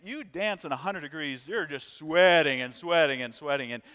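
A middle-aged American man preaching a sermon, telling stories in a conversational, animated way and asking the congregation questions. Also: on the high side, moderate pace. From United States. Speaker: visiting missions preacher. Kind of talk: sermon with storytelling. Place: church sanctuary. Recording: long reverb of a large church hall.

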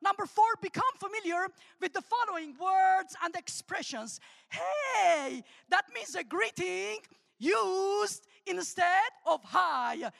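A woman's voice: very high-pitched, takes it slowly, gravelly. A woman from Armenia, a guest speaker giving a humorous sermon and testimony, calling out to the congregation. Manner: humorous, animated, calls out to the congregation. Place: church. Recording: long church hall reverb.

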